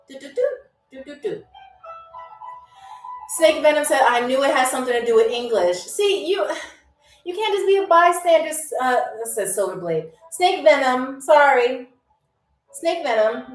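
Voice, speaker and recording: Upbeat high-voiced woman game host. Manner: encouraging, chatty, keeps checking in with "okay?" and "all right?". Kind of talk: live-stream hosting, reading viewer comments. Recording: roomy sound from a distance with faint music.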